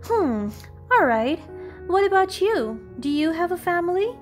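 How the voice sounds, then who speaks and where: A woman's voice: very high-pitched, very animated, measured pace, faint music behind, voice pushed up, full character voice. A woman reading the lines of a dismissive, prying job interviewer who talks down to a candidate. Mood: condescending. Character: condescending female job interviewer.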